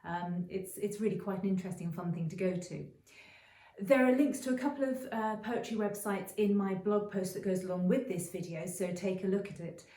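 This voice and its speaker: A middle-aged woman teaching creative writing in a chatty, explanatory video lesson, often pausing with ums and restarting phrases. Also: medium pitch, dark tone, distant mic. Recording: roomy echo, voice a bit off-mic.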